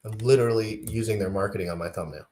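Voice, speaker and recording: A man co-hosting a casual crypto livestream, rambling and self-deprecating, getting excited between tangents. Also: on the low side, fast. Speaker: livestream co-host.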